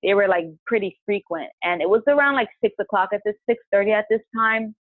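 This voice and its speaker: A woman's voice: mid-range voice, a little fast, no echo. Woman on a tinny phone line. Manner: chatty, heavy use of "like", retells her own past words aloud. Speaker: podcast guest. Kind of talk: casual personal storytelling.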